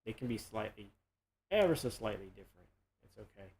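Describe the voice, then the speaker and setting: A man casually explaining his sculpting process during a live demonstration, relaxed and rambling as he works. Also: on the low side, fairly quick, low-quality recording. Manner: relaxed, rambling, self-correcting.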